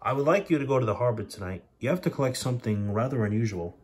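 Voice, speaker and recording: A man voicing a brisk woman in charge of the engines, giving crisp instructions. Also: medium pitch, lively intonation, darkish tone. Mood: instructing.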